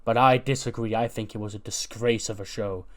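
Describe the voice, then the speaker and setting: A man's voice: fairly low pitch, steady tone, brisk, natural voice. A man voicing a bitter male wrestler scornfully trashing a big event. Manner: scornful promo delivery.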